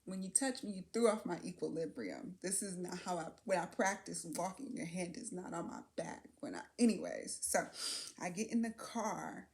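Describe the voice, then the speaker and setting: A woman speaks to her camera in a candid, reflective vlog. Her voice sits a little low, and she muses aloud, often pausing on fillers and laughing softly as she works through her thoughts. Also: creaky. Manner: candid, musing, with soft laughs and trailing fillers. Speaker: vlogger.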